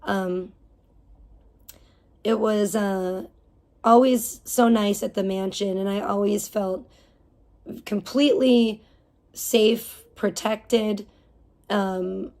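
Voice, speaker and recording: A woman's voice: medium pitch, fairly even intonation, drawn-out words, long pauses, darkish tone. A woman livestreaming and reading her chat, ranting casually with heavy swearing, indignant and rambling. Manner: rambling with fillers and restarts.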